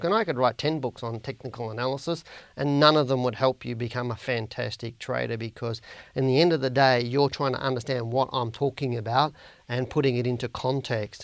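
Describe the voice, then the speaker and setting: A man's voice: medium pitch, dry recording. Blunt, chatty Australian man. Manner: chatty and blunt, repeats words for emphasis. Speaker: podcast host and share trading educator. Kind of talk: casual chart commentary answering viewer questions.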